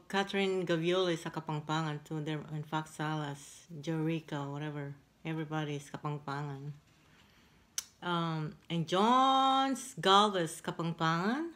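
A woman chatting casually in a mukbang video, pausing to eat between halting words. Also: mid-range voice, fairly bright tone. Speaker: eating-show vlogger.

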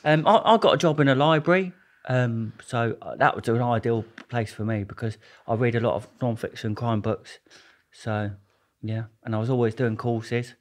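A man's voice: mid-range voice, normal speed. Rambling Englishman telling prison stories. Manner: rambling, laughs often, many restarts. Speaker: podcast guest. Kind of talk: casual storytelling.

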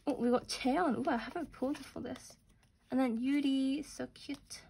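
A young woman chats her way through an unboxing, gushing and gasping with delight at each find. Her voice sits a little high. Faint background hiss and small clicks are heard behind her. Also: normal speed, creaky. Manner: gushing, excitable, gasps and squeals over pulls. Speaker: unboxing vlogger. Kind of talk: casual unboxing commentary.

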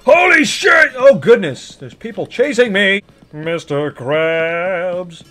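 A gruff, greedy old crab boss with salty, pirate-like growls and a high, bright voice that swoops wildly up and down. He narrates a video game in character and yells frantically, and faint music plays underneath. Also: animated, slow pace, exaggerated voice. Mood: gruff excited. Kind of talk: in-character gaming commentary.

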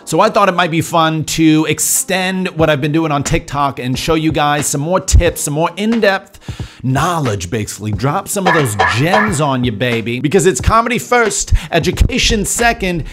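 A man's voice: fairly high pitch, lively intonation, moderate pace, background noise. A man giving a comedic accent lesson, playful, with exaggerated demonstrations. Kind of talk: comedic language tutorial.

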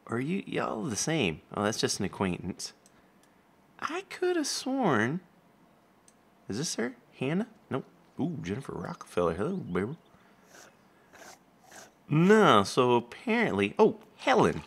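A man casually commenting while playing a life-simulation video game, talking to the characters and jumping up in pitch when surprised. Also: huge pitch swings, takes it slowly, pauses often, slightly rough. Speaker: gameplay commentator. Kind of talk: casual let's play commentary.

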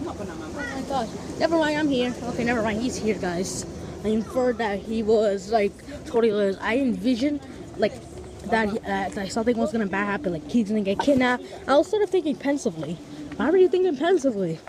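A woman's voice: fairly high pitch, animated, brisk, a crowd in the background. A woman vlogging while walking outdoors, chatting to viewers and piling on big vocabulary words. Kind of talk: casual walking vlog. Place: outdoors on streets and in a park.

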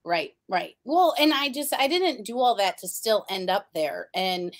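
A woman guest telling her story in a blunt, animated way during a casual interview chat. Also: mid-range voice, unhurried.

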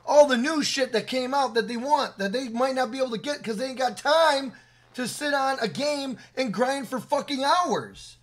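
High-voiced man ranting angrily. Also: normal speed. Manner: profane, heated, repetitive, blunt. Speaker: gaming video creator. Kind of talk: angry rant to camera.

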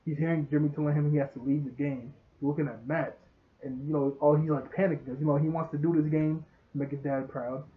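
A chatty man recaps a show, laughing often and breaking into bits of acted dialogue. His voice sits a little higher than average. The sound is thin and tinny, like a phone line. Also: fairly even intonation, fast talker. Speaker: show reviewer. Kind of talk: casual recap.

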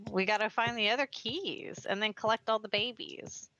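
Bright-voiced young woman calmly directing play. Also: mid-range voice, moderate pace, muffled recording, slight background noise. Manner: calm, directing, plans next steps. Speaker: co-op gaming partner. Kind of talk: casual gameplay chat.

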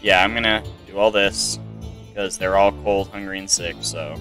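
A man's voice: lowish voice, moderate pace, a bit bright, faint music behind. A young man casually commenting on a video game playthrough, reading on-screen text aloud with chatty, joking asides. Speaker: gamer playing through a game.

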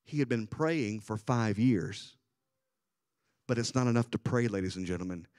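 A man preaching a sermon as a bishop, telling a story and swinging from hushed asides to loud, excited passages. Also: fairly low pitch, normal speed, no echo, clean studio sound.

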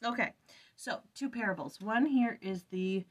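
A woman's voice: medium pitch, unhurried. A woman hosting an early-morning scripture study, chatting casually and thinking aloud as she reflects.

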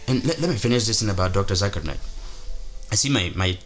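Guy ranting on his channel, lots of restarts, emphatic, soft music behind. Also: fairly low pitch, lively intonation, fast talker. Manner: rambling, emphatic, frequent restarts. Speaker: channel host. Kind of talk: casual commentary vlog.

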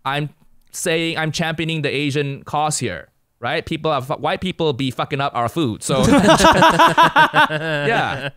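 A man's voice: on the high side, moderate pace, fairly bright tone, dry recording, clean studio sound. A young man from Asia, a comedian and guest on a casual podcast, laying out his view point by point. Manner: lays out his argument point by point.

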